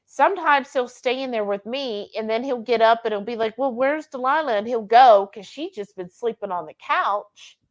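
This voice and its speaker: A woman's voice: fairly high pitch, moderate pace, few pauses. A woman co-hosting a live cooking stream, chatting casually and reading out viewer comments, often acting out her pets in silly voices. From Texas.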